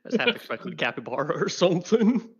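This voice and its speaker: A man's voice: sits high, very animated, a little fast, a bit bright, husky. A man playing in a tabletop game, joking and laughing often in casual banter. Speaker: player. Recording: dull lo-fi mic.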